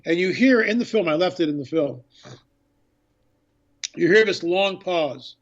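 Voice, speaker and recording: A man guesting on a radio interview as an author and filmmaker, telling a story with excitement and acting out past conversations. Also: sits high, measured pace, long pauses, dull audio.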